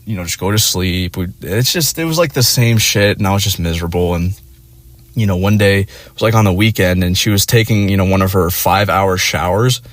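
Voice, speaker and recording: Crude, rambling young man, low voice. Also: no room sound. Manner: crude, profane, rambling with many fillers. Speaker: vlogger. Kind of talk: casual storytelling.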